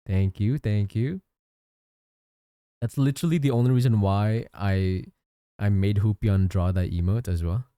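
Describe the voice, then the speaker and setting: A man's voice: lowish voice, a little slow, clean tone, dry recording, clean studio sound. A man streaming while he draws, chatting casually with his chat and thanking viewers. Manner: chatty, thanks chat, lively ups and downs. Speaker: livestreamer and digital artist.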